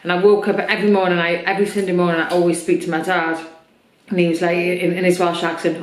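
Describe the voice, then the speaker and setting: A woman's voice: lowish voice, fairly even intonation, quick pace. A woman talking openly in a personal vlog, chatty with lots of fillers, her throat a little irritated. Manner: open, chatty, many fillers. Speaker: vlogger. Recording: echoey room.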